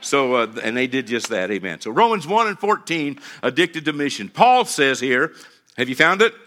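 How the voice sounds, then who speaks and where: A man's voice: medium pitch, very animated, normal speed, sharp tone. A middle-aged man, a pastor, preaching a sermon with emphatic repeated phrases and call-and-response with his congregation.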